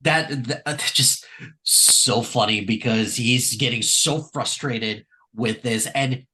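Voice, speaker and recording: A man co-hosting a podcast, recapping an episode in casual, animated chat with frequent fillers and laughs. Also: medium pitch, slow pace. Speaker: podcast co-host.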